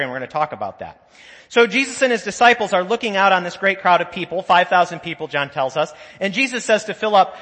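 Bright-voiced preacher in a reverberant church. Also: male voice, sits high, animated, brisk, husky. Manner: conversational storytelling preacher with asides and voiced quotes. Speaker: pastor. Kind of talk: sermon. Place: church sanctuary.

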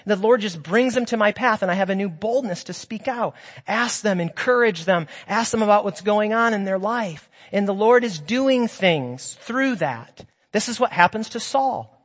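A man with a high voice preaches a sermon, earnest and encouraging, weaving in personal stories and speaking to the congregation as friends. His voice rings out with a long reverb that carries through a church sanctuary. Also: a bit bright.

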